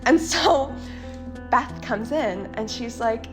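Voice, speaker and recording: A woman's voice: fairly high pitch, expressive, slow, music in the background. A young woman, telling a personal family story as an interview guest in a candid, emotional way with some swearing. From Canada.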